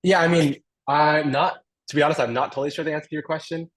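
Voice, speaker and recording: A man with a slightly husky, breathy voice answers audience questions on a video call. He thinks aloud as he goes, hedging and restarting with plenty of fillers. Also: on the high side, steady tone, quick pace, a bit bright, low-quality recording. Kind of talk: online Q&A after a technical talk.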